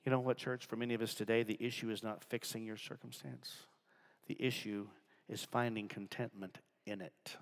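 Man, pastor, sermon, whispers then loud emphatic preaching, long church reverb. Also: fairly low pitch, little pitch movement, moderate pace. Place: large church with balcony.

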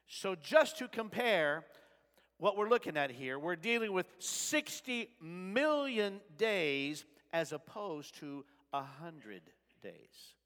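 A man preaching a sermon in a church sanctuary, swinging between shouted lines and soft asides. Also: sits high, sing-song, slow pace. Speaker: pastor. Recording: long reverb of a large sanctuary.

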